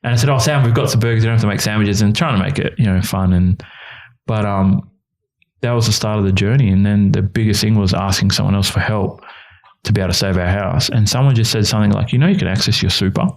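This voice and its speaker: A very deep-voiced man in his thirties shares his own hard times as an interview guest. He talks earnestly and openly, with feeling behind it. He often slips into the voices of the people in his story. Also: steady tone, quick pace, gravelly. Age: 30s. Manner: earnest, emotional, quotes others in his stories. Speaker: youth worker and guest. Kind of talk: candid personal storytelling.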